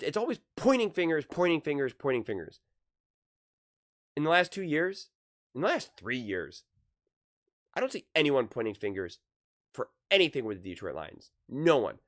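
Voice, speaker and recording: A man in a casual sports opinion monologue, animated, repeating himself and firing off rhetorical questions. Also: a little high, moderate pace. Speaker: sports commentator.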